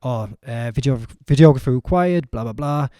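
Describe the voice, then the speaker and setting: A man's voice: medium pitch, normal speed, warm tone, clear, resonant tone, no room sound. Young man, podcast guest, rambling casual chat, dry close sound. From England. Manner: chatty, rambling, many likes and restarts. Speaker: guest, wedding filmmaker.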